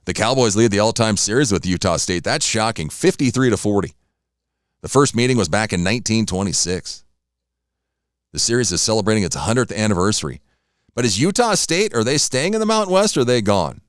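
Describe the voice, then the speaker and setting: A man with a lowish voice hosts a solo radio talk show, rambling easily from one thing to the next. His sound is close and dry with no room around it. He keeps a loose, chatty flow. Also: lively intonation, fairly quick, no echo. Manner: rambling, chatty, talks while eating.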